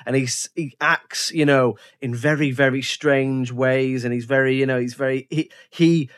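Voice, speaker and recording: A man talks through a film in a relaxed podcast chat, mid-pitched and plain. He gathers his thoughts as he goes, restarting sentences and leaning on fillers. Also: moderate pace, clean tone. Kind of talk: casual film discussion.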